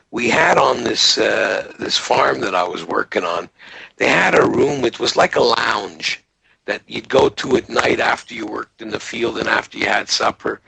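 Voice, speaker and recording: Older guest, gravelly voice, close and dry, rambling storyteller. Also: male voice, dry recording, rough recording. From Montreal. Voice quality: gravelly, husky voice. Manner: rambling storyteller, lively pitch. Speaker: podcast guest. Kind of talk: casual call-in chat.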